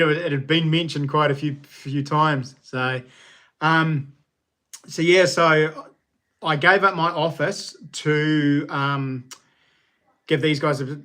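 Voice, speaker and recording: A man's voice: on the high side, a bit bright. Chatty New Zealand man hosting a stream. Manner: upbeat and chatty, calls viewers legends. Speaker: livestream host. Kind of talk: casual livestream chat. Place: small lounge nook at home.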